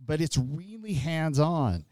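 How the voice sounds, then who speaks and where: A man's voice: on the high side, lively intonation, takes it slowly, a little mellow, no echo. A man hosting a podcast, talking in a thoughtful conversational way and often restarting his phrases. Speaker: podcast host. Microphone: studio podcast mic.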